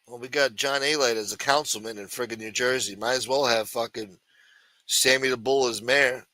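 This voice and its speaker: A man's voice: mid-range voice, fairly even intonation, normal speed, bright, forceful tone, no echo. A man hosting a livestream, rambling in a sarcastic, profane, casual way. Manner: rambling, sarcastic, heavy swearing. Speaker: livestream host.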